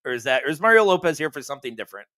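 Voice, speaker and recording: A man's voice: a little high, big pitch swings, very fast, a bit bright, dry recording, studio quality. A man co-hosting a podcast, chatting casually with laughs and restarts. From Buffalo, New York area. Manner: rambling, laughing, self-interrupting. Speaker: podcast co-host. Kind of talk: casual chat.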